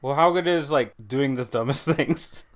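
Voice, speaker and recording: Joking man with a smooth voice. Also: medium pitch, normal speed. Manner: jokey, rambling storyteller. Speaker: podcast co-host. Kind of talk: casual chat.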